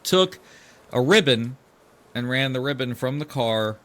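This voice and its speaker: A middle-aged man, a podcast host, telling a family story casually, animated and swearing freely as he acts out the quoted voices. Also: mid-range voice, measured pace.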